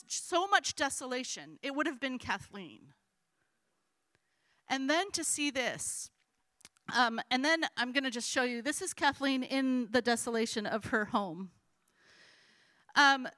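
A woman's voice: high voice, bright, forceful tone, no echo. A middle-aged woman leading a weekly Bible study, speaking earnestly and emotionally to her group, with a conversational manner and many fillers. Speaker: women's Bible study leader. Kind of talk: heartfelt teaching talk to a group.

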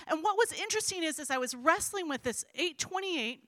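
A high, bright-toned woman leads a Bible study, talking earnestly and emotionally to the group. Her delivery is conversational, with fillers and restarts, and the close mic sounds dry. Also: animated, fairly quick, few pauses, no room sound. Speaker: women's Bible study leader. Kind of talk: heartfelt teaching talk to a group.

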